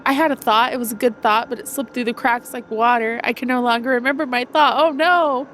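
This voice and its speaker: A woman's voice: on the high side, steady tone, brisk, fairly bright tone, slight background noise. A young woman streaming a video game, congested and chatting in a rambling way with her viewers. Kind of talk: casual let's-play commentary.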